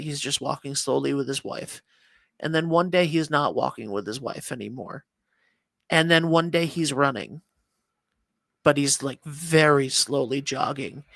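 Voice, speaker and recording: Male morning co-host, rambling talker, a touch high-pitched, dry close sound. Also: a bit bright, dry recording. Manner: rambling storyteller, many restarts and fillers. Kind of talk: casual morning show chat.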